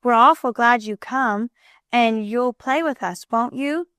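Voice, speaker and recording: Woman playing a little storybook girl, high, stammering, breathless. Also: a little slow, fairly bright tone, clear, resonant tone, dry recording, clean studio sound. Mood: happy. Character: little girl, eager and tearful.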